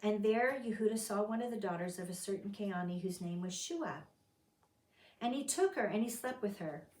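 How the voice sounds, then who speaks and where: Leading a Bible study in a fellowship meeting room, a woman dramatizes the story, voicing the characters' quotes with sudden loud outbursts. Her voice is expressive and medium-pitched at a moderate pace, captured off-mic from a distance with a roomy sound.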